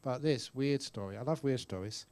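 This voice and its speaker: Speaking at a moderate pace in a mid-range voice, an older Buddhist monk teacher in his 60s answers questions during a dharma talk in a meditation retreat hall. The talk is relaxed and story-filled; he chats with his audience, laughs often, and occasionally acts out voices in his tales.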